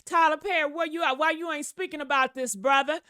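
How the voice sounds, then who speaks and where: A woman hosting a gossip vlog, sassy and animated as she talks straight to her viewers. Her voice is bright, smooth and a little high, and it is recorded close and dry. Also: brisk, dry recording. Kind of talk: casual commentary.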